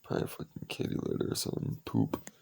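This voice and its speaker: A man's voice: fast talker, dark tone. A man talking casually to his kitten late at night, cooing baby talk mixed with offhand swearing. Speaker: pet owner.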